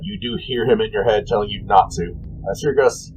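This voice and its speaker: Animated man narrating as game master. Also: on the low side, fairly quick, vocal fry, slight background noise, low-quality recording. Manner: animated, rambling, self-correcting. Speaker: dungeon master.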